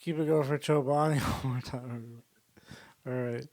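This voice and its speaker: A man doing a stand-up set, working the crowd with deadpan absurd jokes. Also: medium pitch, measured pace, no room sound. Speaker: stand-up comedian. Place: small comedy venue.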